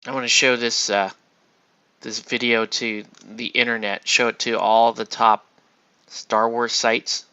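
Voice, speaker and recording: Bright-voiced rambling man painting. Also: medium pitch, little pitch movement, measured pace, clean tone, no echo, dull audio. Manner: rambling, trails off and restarts, mild swearing. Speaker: miniature painting host. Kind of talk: casual chat while painting.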